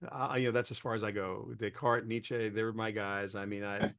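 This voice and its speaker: Here the same kind of speaker sounds lower, with a flat, clean, slightly bright tone at a moderate pace in a dry recording. He's a man being interviewed as a tech expert, rambling through conversational explanations built on everyday examples and often correcting and restarting himself.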